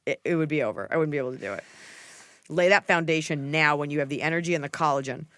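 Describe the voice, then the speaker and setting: A middle-aged woman hosting a podcast, giving blunt, jokey advice in a casual, animated way. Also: deep voice, fast, no room sound. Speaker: podcast host.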